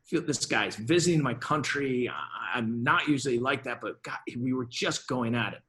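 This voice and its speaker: A man in his fifties talks as a venture capitalist guest in a conversational interview. His voice sits at an ordinary middle pitch for a man. He tells stories with lively energy, acts out quoted exchanges, and often restarts his sentences. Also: moderate pace. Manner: lively storyteller who acts out quoted dialogue, with frequent restarts.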